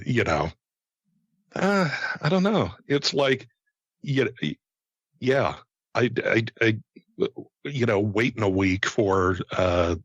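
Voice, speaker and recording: Man, podcast co-host, slow halting speech, dull lo-fi sound. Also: lowish voice, a bit bright, no echo. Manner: halting and rambling, heavy fillers and stutters. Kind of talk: casual podcast chat.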